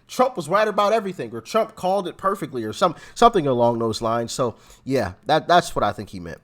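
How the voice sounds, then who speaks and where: A man hosting a reaction channel, commenting on clips in an excitable, teasing way. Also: fairly high pitch, fast.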